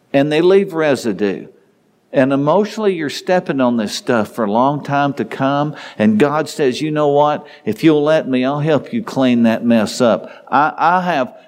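A man's voice: mid-range voice, darkish tone. A middle-aged man preaching a folksy devotional sermon, telling a homely story in a rambling way with many restarts.

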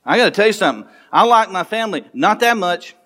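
A man preaching a sermon as pastor, animated, laughing and making quick asides to the congregation. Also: sits high.

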